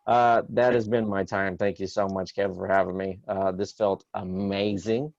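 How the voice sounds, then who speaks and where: With a mid-range voice at normal speed, a man in his thirties does a rambling, filler-heavy stand-up set via video call, bursting loud for quoted outbursts. The audio is lo-fi with no room sound.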